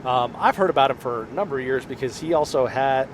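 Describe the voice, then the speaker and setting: A man chats casually as a podcast co-host, drifting through stories with plenty of ums and likes. His voice sits at an ordinary middle pitch. He is recorded inside a truck on the road, and engine and road noise come through clearly behind him. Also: fast talker. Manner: chatty storyteller, loose with fillers. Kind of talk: casual chat. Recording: noisy car interior.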